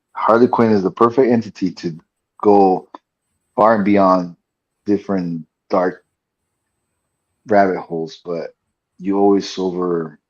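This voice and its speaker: Deep, husky-voiced podcast co-host, a man who rambles with lots of fillers, dull lo-fi mic. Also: darkish tone. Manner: rambling, halting, many fillers. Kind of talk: casual comics review chat.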